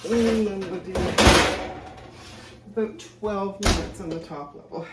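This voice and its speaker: In her home kitchen, a woman who vlogs about home cooking chats casually as she cooks, rambling, thinking aloud and a little out of breath. Her voice is medium-pitched and a little slow, with a reverberant sound and heavy background noise.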